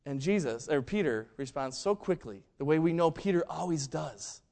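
Guy preaching, highish voice, storyteller, acts out the quotes, goes loud then real quiet. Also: expressive, moderate pace, gravelly. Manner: storytelling, acts out quoted lines with big swings in loudness. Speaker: pastor. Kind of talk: sermon.

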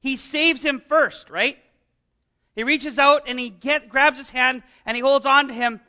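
A middle-aged male pastor preaching a sermon to his congregation in an animated, conversational way, full of rhetorical questions. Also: very high-pitched, unhurried.

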